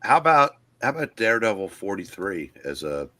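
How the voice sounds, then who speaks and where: Deep-voiced older man, halting. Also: big pitch swings, bright, forceful tone. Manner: halting, restarts often, reminiscing. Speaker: guest collector on a comic livestream. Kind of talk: casual chat.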